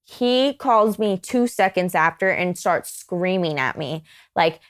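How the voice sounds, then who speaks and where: A woman's voice: on the low side, slow pace. Young woman on a podcast just telling her story, kinda rambly, keeps going off on little asides. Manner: animated, rambling retelling with many asides. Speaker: podcast guest. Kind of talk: casual storytelling.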